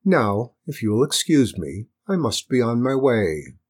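Man voicing a polite, calm stranger. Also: mid-range voice, measured pace, breathy edge. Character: smooth, polite male traveling stranger. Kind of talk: storybook reading.

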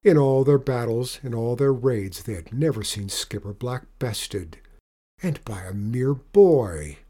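A man narrating a storybook in an expressive, dramatic reading. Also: medium pitch, unhurried, a little hiss or hum.

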